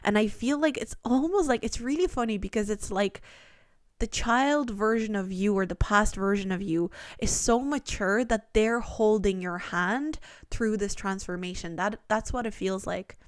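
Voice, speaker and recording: Woman tarot reader, earnest and rambling, mid pitch, crisp dry sound. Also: moderate pace, no room sound. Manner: earnest, rambling, full of fillers and restarts. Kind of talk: pick-a-card tarot reading.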